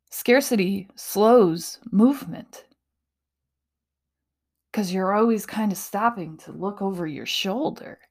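Speaking in a mid-range voice, this woman leads a laid-back motivational talk. She's playful, laughs at herself readily, and frequently drops into breathy whispers.

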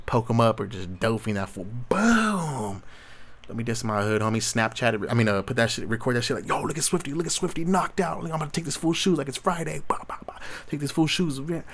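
Solo host, male, mid-pitched, swears nonstop in street slang, blunt and worked up. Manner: profane, heavy street slang. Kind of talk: casual commentary rant.

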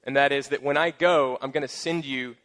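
Here a middle-aged man, preaching as pastor, talks slightly quickly in a mid-range voice. His delivery is loose and playful, peppered with joking asides and energetic emphasis.

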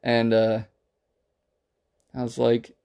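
A man's voice: mid-range voice, monotone, slow pace, vocal fry, darkish tone, clean tone. A man casually telling a rambling, profane story about a bar night, acting out the quotes. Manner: profane, rambling anecdotal delivery with acted-out quotes.

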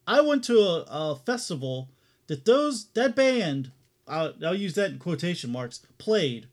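A man co-hosting a casual podcast chat, laughing often and telling stories in an animated way. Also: high-pitched, measured pace. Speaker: podcast co-host.

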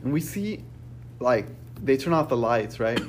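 A young man casually telling a rambling, profane story to friends, peppered with "bro" and "right?"; he says he is a little high. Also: animated, a little slow, slight background noise.

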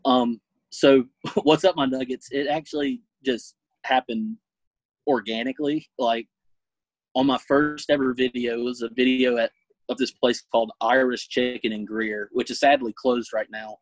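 A young man being interviewed about his food reviews, speaking earnestly and haltingly, with lots of fillers. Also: mid-range voice, fairly even intonation, no room sound, poor audio. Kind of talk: casual interview.

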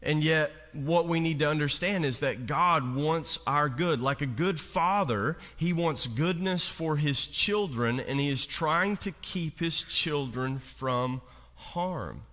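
Pastor, male, higher-pitched, conversational sermon delivery, acts out quotes, church hall reverb. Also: slow pace, bright, forceful tone. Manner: conversational preaching with rhetorical questions. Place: church sanctuary.

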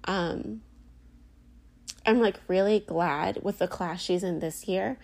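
A woman in her thirties hosts a casual personal podcast, her low voice gravelly and darkish in tone at a moderate pace. She talks candidly and emotionally in a chatty way, with many "like" and "um" fillers.

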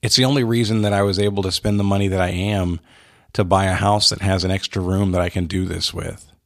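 A man hosting a podcast, warmly thanking supporters in a casual, earnest way with frequent restarts. He is recording in an unfinished spare room without soundproofing, with a slight room echo. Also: deep voice, steady tone, fast talker. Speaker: podcast host. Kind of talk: casual thank-you segment.

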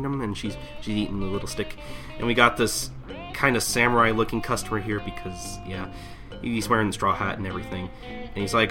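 A young man hosting a podcast, casually recapping manga chapters, laughing and acting out characters in quick voices. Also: on the low side, fairly even intonation, over music. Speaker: podcast host.

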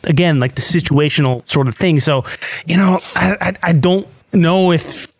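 A man's voice: fairly high pitch, normal speed, no echo. A man co-hosting a casual movie podcast, laughing often as he recaps scenes in a rambling way. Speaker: podcast co-host. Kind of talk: casual movie review chat.

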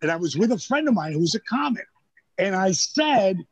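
A man's voice: high-pitched, big pitch swings, a little fast, slightly rough, no echo. An older man telling rambling, profane anecdotes in casual chat, acting out the lines of the people in his stories. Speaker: storyteller guest.

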